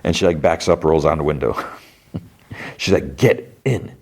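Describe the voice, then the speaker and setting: A deep, low-pitched male podcast host recaps a show in a loose, casual way. He rambles and fills the gaps with fillers as he retells each scene. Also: steady tone, moderate pace, a little mellow.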